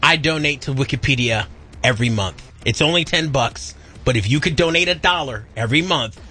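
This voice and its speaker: A man co-hosting a casual radio show, riffing loudly with exaggerated quoted outbursts. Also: mid-range voice, expressive, a little fast, husky. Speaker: radio co-host.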